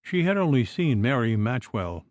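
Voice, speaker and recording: A man narrating an audiobook in expressive, unhurried storytelling. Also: mid-range voice, no echo. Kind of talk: scripted narration.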